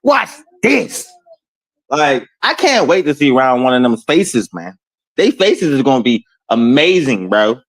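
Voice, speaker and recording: A man hosting a casual boxing talk stream, speaking to his chat in profane, animated trash talk. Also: mid-range voice, a little slow. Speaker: boxing talk show host.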